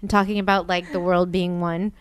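A young woman hosting a podcast in casual chat, talking fast with lots of "like" fillers. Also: on the low side, little pitch movement, clear, resonant tone, no room sound, clean studio sound. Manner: chatty, filler-heavy with lots of "like". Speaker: podcast host.

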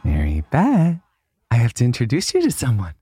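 A man's voice: medium pitch, huge pitch swings, moderate pace, over music. A young man co-hosting a podcast in casual, campy comedic chat, slipping into playful put-on quotes. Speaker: podcast co-host.

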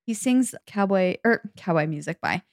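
Lively woman with a gravelly edge. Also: mid-range voice, normal speed, dry recording, clean studio sound. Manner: animated, gossipy teasing. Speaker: podcast co-host. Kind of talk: casual chat.

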